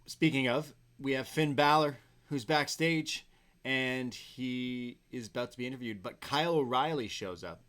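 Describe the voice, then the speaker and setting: A man's voice: mid-range voice, normal speed, a bit bright. A man co-hosting a podcast, casually recapping a show move by move and laughing often. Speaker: podcast co-host. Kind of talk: casual wrestling recap chat.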